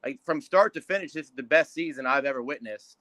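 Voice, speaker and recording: A man's voice: medium pitch, quick pace, bright, forceful tone, no echo, rough recording. A man from Central New Jersey with a New Jersey accent, calling in as a fan and ranting passionately with lots of swearing and stammered restarts. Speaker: caller, college football coach. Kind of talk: fired-up sports call-in rant.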